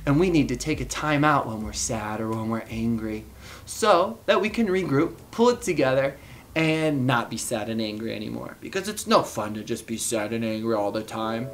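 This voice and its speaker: Hosting a children's bedtime story show, a woman reads picture books aloud playfully and encouragingly, inviting the listener to join in. Her voice is very deep and expressive, at a moderate pace.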